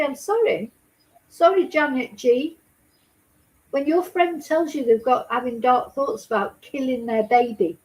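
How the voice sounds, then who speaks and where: A woman's voice: high voice, darkish tone, rough recording. A woman hosting a casual true-crime chat, talking emphatically and indignantly, repeating herself and swearing. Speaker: host.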